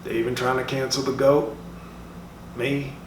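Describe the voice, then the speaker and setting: A flat, slightly slow, mid-range man's voice, close to how he normally talks, carries this impression monologue of a brash middle-aged comedian speaking at a school assembly. Drawling and swearing, he taunts the kids mock-seriously. The distant mic and echoing room give a roomy sound with faint background noise.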